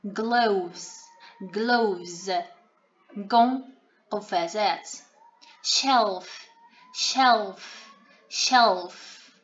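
A woman teaching vocabulary, repeating each word slowly three times and explaining pronunciation plainly. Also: mid-range voice, highs cut off. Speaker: language teacher. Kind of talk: vocabulary lesson, repeating words.

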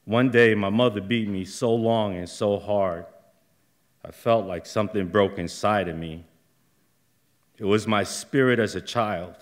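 Slow, low-voiced man telling his story. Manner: slow, halting delivery with heated outbursts. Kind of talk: live personal storytelling. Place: theater stage.

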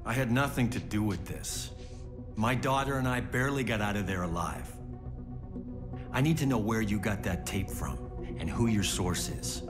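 An actor playing a gruff, defensive father accused of a crime, talking curtly in a game cutscene with music behind. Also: on the low side, moderate pace, close to an everyday voice. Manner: curt, defensive. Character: gruff male hero, accused dad, defiant.

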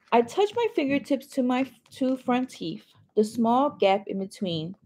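A woman's voice: fairly high pitch, lively intonation, a little slow, hardly any pauses, darkish tone. A woman reading a novel chapter aloud in first person, adding chatty asides to her listeners. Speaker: reader.

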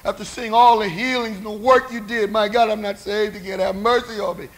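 A preacher crying out as a grief-stricken disciple. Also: male voice, sits high, steady tone, a little fast, voice pushed up, natural voice. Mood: anguished pleading. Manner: shouting, pleading, crying out.

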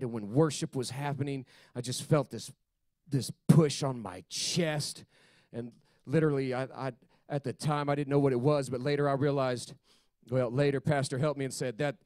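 A man preaching at a youth church service, fervent and emphatic, swinging from loud exclamations to quiet, hushed asides. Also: medium pitch, no echo. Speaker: youth pastor. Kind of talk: sermon.

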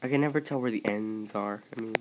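Excitable man narrating his gameplay. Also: on the low side, fast, background noise. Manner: excitable, talks to other players, yelps and mutters. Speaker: gaming video creator. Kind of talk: gameplay commentary.

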